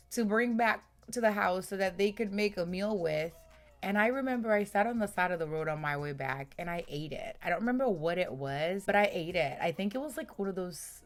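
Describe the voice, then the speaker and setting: A woman with a fairly low voice talks casually to camera, chatty and warm in delivery, throwing in "y'all". Her voice is strained and roughened, and she can't reach her higher notes. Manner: chatty, uses "y'all", laughs at her own stories. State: strained voice, upper register gone. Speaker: true crime channel host. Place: home room, lawn mowing heard outside.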